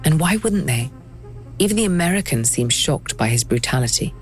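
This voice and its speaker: A woman hosting and narrating a documentary podcast in a measured, lightly wry scripted style. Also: deep voice, lively intonation, soft background music.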